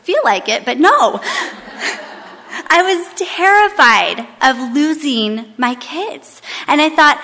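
Bright high-voiced woman telling a story. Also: animated, slow pace, big-room sound. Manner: chatty, many fillers and restarts. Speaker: Bible study leader. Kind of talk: casual storytelling to a women's group.

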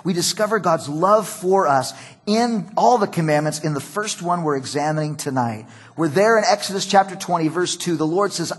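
Husky high-voiced pastor preaching. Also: male voice, moderate pace. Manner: conversational, storytelling with acted quotes. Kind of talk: sermon.

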